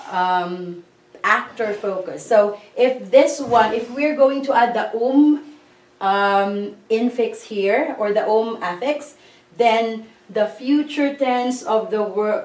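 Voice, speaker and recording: A woman teaching a language lesson, explaining grammar patiently and repeating words slowly to drill them. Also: on the high side. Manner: patient, slow, spells out letters and repeats words. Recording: echoey room, voice from a distance.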